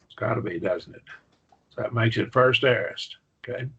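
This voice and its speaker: A man's voice: medium pitch, moderate pace, a bit bright, husky. A man teaching a college-level Greek Bible class, explaining step by step with enthusiasm. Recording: muffled lo-fi class recording.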